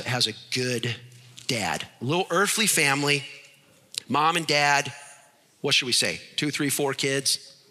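A man preaching a sermon, animated and acting out the voices in his stories. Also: mid-range voice, big-room sound. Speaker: pastor.

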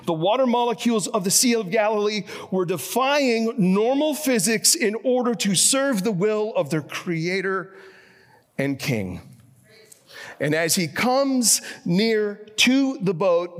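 A man preaching a sermon, swinging between hushed, low passages and emphatic, raised lines. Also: animated, slow, in a large hall.

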